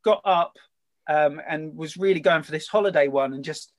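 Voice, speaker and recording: A man, a podcast guest, chatting casually and telling a story with lively energy. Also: a little high, moderate pace. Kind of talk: casual chat.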